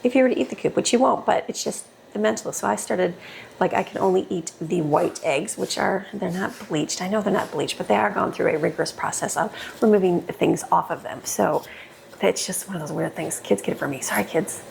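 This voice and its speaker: With a clip-on mic on her shirt and slight background noise in her kitchen, a middle-aged homemaker vlogger rambles and laughs often as she cooks. Her voice is on the low side, brisk, and gravelly.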